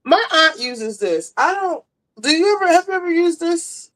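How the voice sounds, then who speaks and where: A woman's voice: very high-pitched, animated, normal speed, fairly bright tone, low-quality recording. A woman hosting a casual chat show, asking lots of questions while she cooks. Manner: chatty, asks lots of questions. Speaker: show host.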